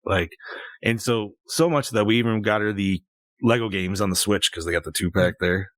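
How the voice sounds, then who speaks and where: A man in his thirties hosting a casual podcast, telling animated, profanity-laced stories. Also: on the low side, normal speed, no room sound. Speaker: podcast host.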